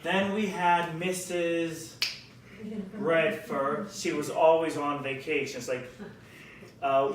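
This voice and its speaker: A man from Canada performing a stand-up comedy set, animated and slipping into quick character voices. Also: fairly high pitch, heavy reverb, recorded from a distance.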